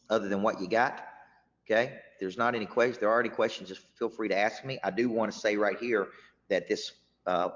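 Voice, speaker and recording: A man hosting a motivational webinar as a business coach, emphatic and often restarting his words. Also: low voice. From Tennessee. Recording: muffled webinar audio with long reverb.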